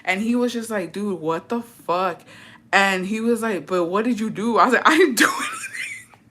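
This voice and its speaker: A woman's voice: medium pitch, normal speed, a bit bright. A woman in her twenties telling a story in casual vlog chat, swearing freely and slipping in Spanish phrases. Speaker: vlogger.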